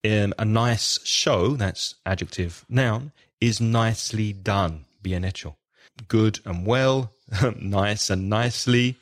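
A man's voice: on the low side, slow pace. A man co-hosting an English-learning podcast, explaining grammar in a patient teacherly way. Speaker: podcast co-host.

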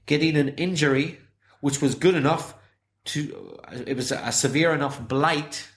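A man's voice: fairly high pitch, a little slow. A man from Northern Ireland with a Northern Irish accent, co-hosting a casual chat and explaining things patiently with frequent fillers. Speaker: podcast co-host.

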